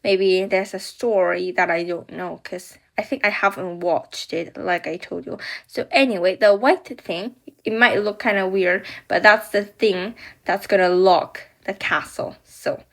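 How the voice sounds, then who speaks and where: A woman's voice: medium pitch, fairly even intonation, measured pace, gravelly, a bit bright. A woman reviewing and building a toy set, chatty and enthusiastic with many fillers.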